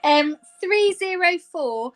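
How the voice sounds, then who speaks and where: A British woman chatting and teasing while hosting a live crystal sale, slowing down to read out items. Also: extremely high pitch, animated, a bit bright. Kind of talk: casual live-stream sales chat.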